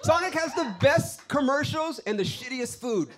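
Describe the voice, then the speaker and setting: Guy from LA doing stand-up, really high voice, loud and sweary, ranting at the crowd. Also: lively intonation, moderate pace, background noise. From Los Angeles. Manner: brash, profane, ranting. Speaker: stand-up comedian. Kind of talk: stand-up comedy set. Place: comedy club stage.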